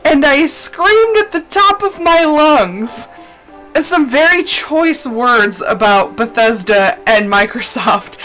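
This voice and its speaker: A woman streamer chats casually over her game, her pitch sitting a bit high and swinging widely as she tells a story. Quiet music plays underneath. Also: animated, slow pace. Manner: chatty storytelling, acts out her own shouting. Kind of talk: casual gaming chat.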